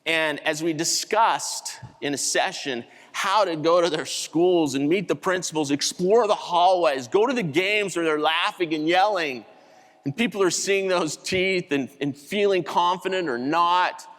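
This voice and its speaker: A man giving a keynote talk, telling a story in an animated way and acting out the voices of the people in it. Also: fairly high pitch, a little slow. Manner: animated storyteller, acts out quotes. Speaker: keynote speaker. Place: large conference hall. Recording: hall reverb.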